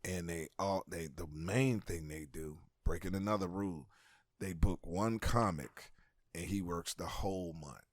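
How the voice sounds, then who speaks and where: Profane storytelling comedian, dry sound. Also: male voice, deep voice, unhurried, no room sound. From United States. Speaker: comedian guest. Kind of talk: casual storytelling interview.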